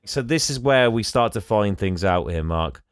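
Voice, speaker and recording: A man and podcast host retelling a film plot in casual chat, animated and laughing often. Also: lowish voice, normal speed, clear, resonant tone, dry recording, clean studio sound.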